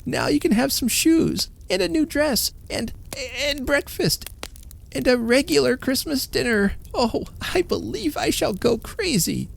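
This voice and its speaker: A gentle old washerwoman from an old-time storybook, her voice lifted high and soft, played by a man reading aloud. She swings through a wide range of pitch, with a gravelly grain underneath. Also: a little slow, full character voice. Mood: overjoyed. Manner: high, soft, breathless excitement. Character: poor kind-hearted old washerwoman.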